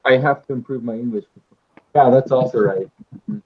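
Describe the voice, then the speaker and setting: A male English tutor on a video call, speaking in a middling voice and giving relaxed explanations with example sentences. The audio comes through dull and muffled. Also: medium pitch, moderate pace. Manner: explains usage with spoken examples. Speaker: English teacher. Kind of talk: casual online tutoring.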